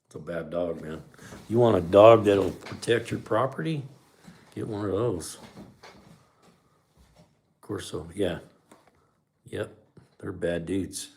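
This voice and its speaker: Deep gravelly-voiced middle-aged man. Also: slow, long pauses, a little mellow, slight background noise. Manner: laid-back, peppers talk with "man". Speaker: podcast host reading live chat. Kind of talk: casual livestream chat.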